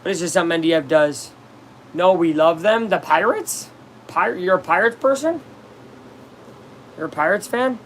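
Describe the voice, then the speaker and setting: A man casually commenting on a baseball game on a live stream, chatting with viewers and reacting loudly to plays. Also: sits high, animated, moderate pace, pauses often, slight background noise.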